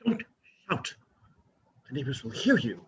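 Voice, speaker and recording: Man reading a skeptical scolding buddy, kinda husky voice, muffled lo-fi sound. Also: mid-range voice, wildly swooping pitch, measured pace, heavily acted. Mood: soothing. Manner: chiding, incredulous. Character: scolding, skeptical male friend, middle-aged. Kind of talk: play reading. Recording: dull lo-fi audio.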